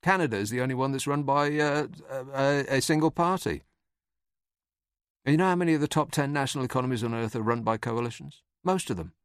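A man hosts a podcast, delivering a scripted comic monologue with dry, sardonic timing. His voice sits in a middling pitch, and the sound is dry and close. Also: fast, smooth, no room sound. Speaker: podcast host.

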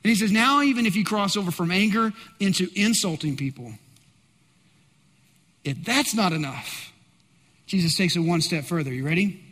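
A male pastor preaching a sermon, swinging between loud emphatic bursts and hushed asides. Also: sits high, normal speed, long pauses, long reverb tail.

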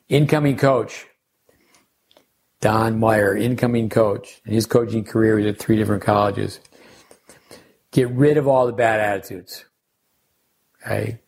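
A man's voice: fairly low pitch, gravelly, a little mellow, husky. An older man, a tennis coach hosting a podcast, talking casually and rambling through coaching lessons and side stories. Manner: rambling, anecdotal, with restarts and sidebars.

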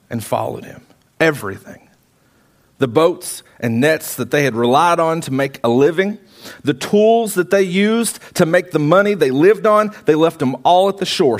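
A man preaching with a fairly high voice, building his points through vivid repetition. He tells the story emphatically and draws listeners into the scene. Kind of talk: sermon.

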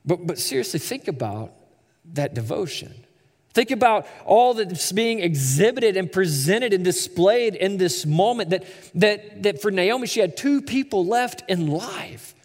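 A man's voice: high voice, expressive, unhurried, a little mellow. A man in his thirties preaching a sermon as a pastor, conversational and storytelling, with stammering repeats. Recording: echoey hall reverb.

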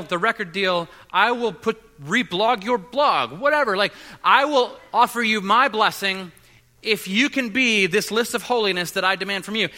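A preacher doing a high-pitched, loud religious gatekeeper who lectures and demands holiness. The bright voice rings through a hall with a long reverb. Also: male voice.

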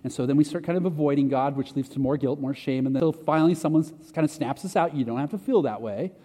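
A man's voice: fairly high pitch, fast, mellow. A man preaching a conversational sermon, talking casually and poking fun at himself. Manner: conversational, self-deprecating preaching with restarts. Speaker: pastor. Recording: long hall reverb.

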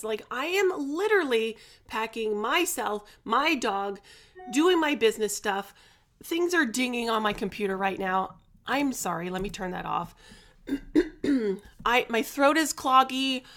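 Forties woman, podcast host and coach, higher-pitched, unhurried, candid, sassy, worn out. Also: a bit bright. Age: 40s. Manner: chatty, candid and laughing, with sassy asides. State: tired and stressed. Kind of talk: casual chat. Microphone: podcast microphone.

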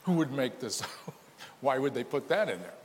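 A man's voice: mid-range voice, sing-song, moderate pace, in a large hall, slight background noise. A man preaching a sermon as pastor, emphatic and full of rhetorical questions.

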